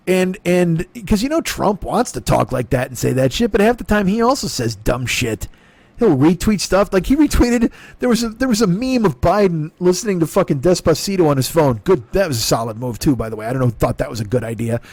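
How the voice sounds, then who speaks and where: Profane, ranting man with a lively voice. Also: high-pitched, brisk, no room sound. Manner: angry, profane, sarcastic ranting. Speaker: comedian and podcast host. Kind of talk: profane comic rant.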